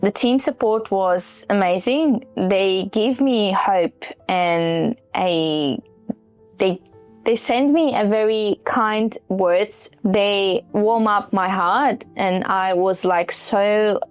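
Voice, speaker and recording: Woman from afghanistan, expressive storyteller, acts out quoted dialogue, faint music underneath. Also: medium pitch, slow pace. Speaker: client sharing her story. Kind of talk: testimonial interview.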